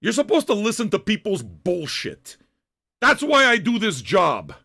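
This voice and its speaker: An older man hosting a music-reaction livestream, ranting at chat viewers in loud, profane, half-shouted tirades. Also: sits high, wildly swooping pitch, unhurried, vocal fry, slightly rough.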